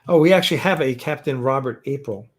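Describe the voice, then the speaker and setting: A man's voice: medium pitch, fast talker. A man hosting a casual livestream chat from home, rambling with lots of fillers and restarts. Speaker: host. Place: home, fireworks outside.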